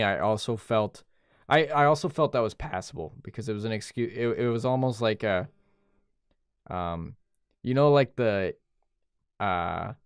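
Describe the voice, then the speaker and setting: A man's voice: on the low side, clean tone, no echo, clean studio sound. A man co-hosting a podcast, retelling movie scenes in casual chat and acting out the dialogue, with some stammering. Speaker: podcast co-host.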